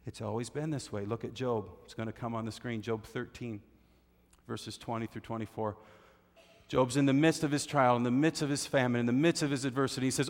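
Male pastor, mid-pitched voice, emphatic teaching sermon, hall reverb. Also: steady tone, brisk. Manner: emphatic teaching, has listeners write points down.

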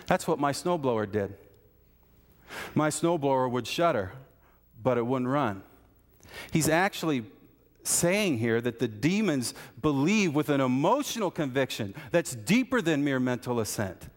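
A man's voice: medium pitch, sing-song, unhurried. A man preaching a sermon, telling folksy stories and asking repeated rhetorical questions of his congregation. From American Midwest. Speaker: pastor. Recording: hall reverb.

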